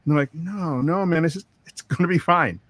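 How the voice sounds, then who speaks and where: A man's voice: on the high side, a little fast, fairly bright tone, dry recording. A middle-aged man, a record producer, telling long rambling studio stories full of quoted dialogue. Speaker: record producer, interview guest. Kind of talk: storytelling interview.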